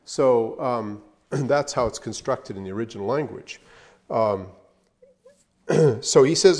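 A man's voice: medium pitch, takes it slowly, a little mellow. A man teaching a Bible study, reading scripture aloud and explaining it with plain fillers and strong emphasis.

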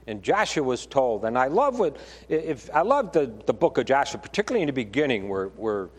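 A man's voice: medium pitch, sing-song, brisk, breathy edge. A man preaching a Bible teaching sermon in a conversational way, often restarting his phrases. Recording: long reverb of a hall.

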